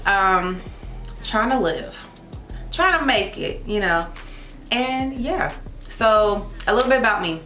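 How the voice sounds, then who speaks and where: A woman's voice: fairly low pitch, unhurried, fairly bright tone. Chatty woman vlogging in an echoey room. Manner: chatty and self-teasing, calls viewers y'all. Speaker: licensed esthetician and lash artist. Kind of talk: casual vlog chat to camera. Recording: echoey room with faint music.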